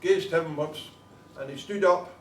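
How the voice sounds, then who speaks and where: A man's voice: fairly high pitch, moderate pace. An older man with a Glaswegian accent, a former police officer, tells a funny story to a live audience and laughs at his own jokes. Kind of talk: humorous anecdote to a live audience. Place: concert hall with an audience. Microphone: far camcorder on tripod. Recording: roomy hall from a distance, noisy.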